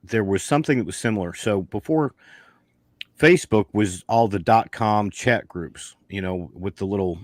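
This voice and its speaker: A man's voice: lowish voice, moderate pace, dry recording, clean studio sound. A man, chatting on a video call as a guest beekeeper and telling rambling stories with many restarts. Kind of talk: casual chat on a video call.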